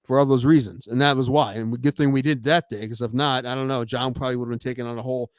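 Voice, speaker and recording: Male co-host, mid pitch, dry close sound, loose rambly talker. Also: steady tone, racing, no echo. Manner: rambling, drops to mutters, swears freely. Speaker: podcast co-host, sports referee. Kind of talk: casual chat.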